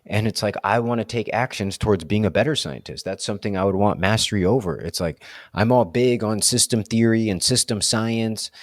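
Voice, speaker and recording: A man's voice: on the low side, fairly quick, no room sound, studio quality. A man talking through his thoughts in a candid solo vlog, rambling and self-questioning, leaning on "like" and "right?". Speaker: vlogger. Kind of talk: reflective solo monologue.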